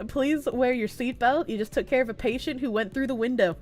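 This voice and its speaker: A young woman streamer with a stuffy nose, chatting casually and softly with her chat, giggling and swearing freely. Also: on the high side, a little fast, few pauses, music in the background. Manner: soft-spoken, not loud, giggly, swears casually. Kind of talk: casual live-stream chat, reading chat messages aloud.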